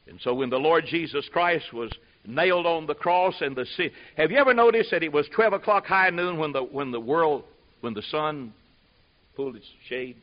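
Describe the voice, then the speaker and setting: A man preaching a sermon with a somewhat high voice. His delivery is folksy and drops to asides, then climbs to loud, emphatic preaching. The recording is dull and muffled, like an old tape. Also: lively intonation, moderate pace.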